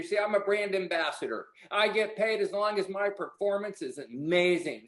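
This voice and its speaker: A man's voice: sits high, moderate pace, few pauses, a bit bright, roomy sound, poor audio. A man coaching a salesperson in a blunt, preachy motivational style, swearing casually. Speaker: sales trainer.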